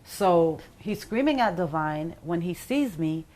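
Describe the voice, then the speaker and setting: Speaking slightly slowly, this middle-aged interviewee has a lowish, animated, somewhat mellow voice. She wanders through her personal account, heavy on fillers like "like" and "you know," performing other people's lines as she quotes them.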